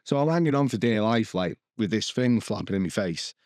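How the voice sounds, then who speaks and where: A man with a lowish voice, chatting on a podcast. He rambles through a story with lots of false starts and the odd swear word. The sound is dry and close. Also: animated, fairly quick, a little mellow, no room sound. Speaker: podcast co-host. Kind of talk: casual chat.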